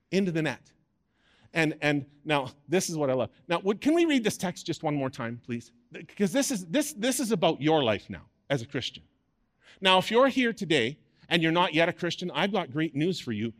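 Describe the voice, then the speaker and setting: A man preaching a sermon to a congregation, animated and playful, with bursts of sports-commentator delivery. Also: a little high, moderate pace. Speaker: pastor.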